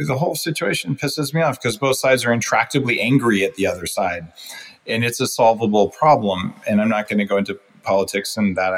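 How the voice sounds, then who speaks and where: A man's voice: mid-range voice, fairly bright tone. A man hosting a podcast interview, speaking directly, interjecting and pushing back on his guest. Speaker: podcast host. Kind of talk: casual interview talk.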